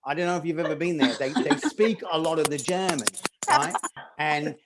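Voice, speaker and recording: A man's voice: fairly high pitch, sing-song, moderate pace, very noisy. A man doing a stand-up comedy set, rambling and self-deprecating, often laughing at his own jokes.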